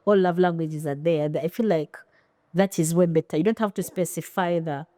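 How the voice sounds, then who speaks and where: A woman co-hosting a casual podcast chat, speaking in an opinionated, animated way and acting out quoted lines. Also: lowish voice, brisk, no echo, clean studio sound. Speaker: podcast co-host.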